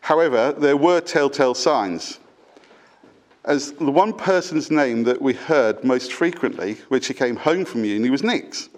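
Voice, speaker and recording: A middle-aged man, father of the bride, reading his wedding speech from notes with fond, gently humorous delivery and small stumbles. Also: mid-range voice, animated, measured pace. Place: wedding reception.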